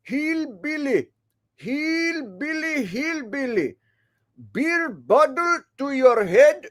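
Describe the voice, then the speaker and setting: A man putting on an Indian accent to voice a crude, boastful male hillbilly rapper, half-singing and half-reading the lines slowly. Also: very high-pitched, voice pushed up, full character voice. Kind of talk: half-sung rap reading.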